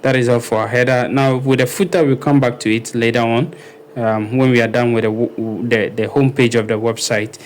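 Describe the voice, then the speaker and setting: A man talking casually through a screen-recorded web design tutorial, thinking aloud and filling pauses with ums and okays. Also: medium pitch, fairly even intonation, a little mellow, slight background noise.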